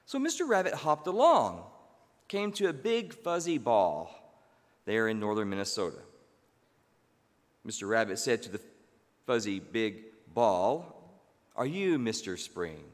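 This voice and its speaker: A man preaching, telling a story in a slow, gentle manner with thoughtful pauses. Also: on the low side, very animated. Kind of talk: sermon storytelling. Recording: long hall reverb.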